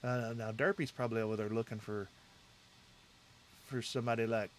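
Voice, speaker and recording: A man's voice: medium pitch, fairly even intonation, fairly quick, slight background noise. A man hosting a casual livestream, rambling and talking straight to his chat viewers from a home setup. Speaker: livestream host.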